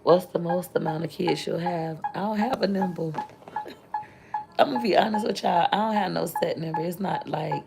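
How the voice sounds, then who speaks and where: A woman chats candidly with her livestream viewers in a deep, heavily gravelly voice. She rambles from thought to thought and stops to thank them. Loud music plays behind her. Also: moderate pace. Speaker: content creator and mother. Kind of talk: casual livestream chat with viewers.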